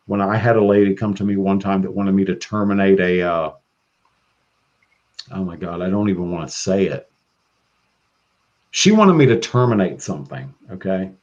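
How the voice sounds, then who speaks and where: Profane, excitable man on a lo-fi mic. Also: sits low. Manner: profane, excitable, laughs often. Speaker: guest practitioner. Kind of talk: casual podcast chat.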